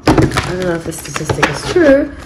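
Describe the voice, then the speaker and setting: A woman's voice: lowish voice, sing-song, a little fast, very noisy. Chatty woman giving a tarot reading. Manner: chatty, rambling, frequent self-corrections. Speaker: tarot reader. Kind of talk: casual tarot reading monologue.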